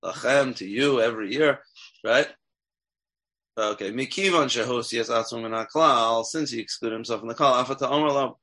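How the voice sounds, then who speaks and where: A man's voice: medium pitch, brisk, a bit bright. A man teaching a text class as a rabbi, asking his students questions and checking in with them often. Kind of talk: interactive Torah class.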